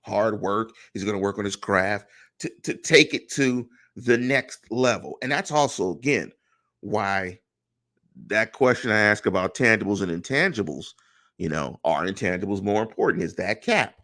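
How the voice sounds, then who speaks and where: A man's voice: lowish voice, expressive, moderate pace, a bit bright. A middle-aged man hosting a solo sports podcast, talking through his opinions and putting rhetorical questions to his listeners. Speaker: podcast host.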